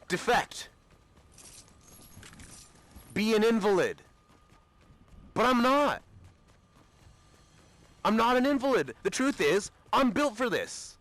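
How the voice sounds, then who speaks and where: A man's voice: high voice, animated, slow pace, long pauses, fairly bright tone, no echo. A young Australian man talking in a rambling, repetitive, aggrieved monologue while he plays a game.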